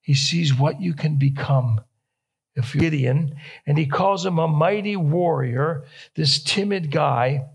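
A man's voice: on the high side, measured pace, breathy edge. A young man preaching a sermon, stressing key phrases and repeating them, rising with feeling on quoted questions. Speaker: pastor.

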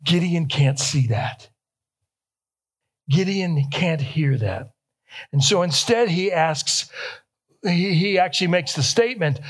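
A young male pastor delivers a sermon in a fairly high voice. He speaks slowly and deliberately, leaning on repeated phrases and lifting his voice with feeling when he reaches a question. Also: lively intonation. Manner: emphatic, repeating key phrases, rising to quoted questions.

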